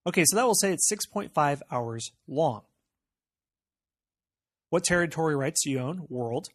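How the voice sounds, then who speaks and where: A man with a General American accent explains steps in a casual screencast tutorial. He talks in a relaxed way, often saying "uh" and "okay" as he moves through each step. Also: on the high side, moderate pace. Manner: conversational and explanatory, with frequent "uh" and "okay". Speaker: tutorial presenter.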